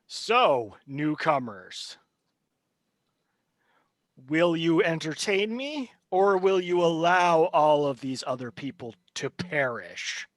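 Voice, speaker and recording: A man voicing a cruel, gloating alien being who holds captives, speaking slowly and theatrically. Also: fairly high pitch, very animated, no room sound. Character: mocking ancient male alien being, cruel captor.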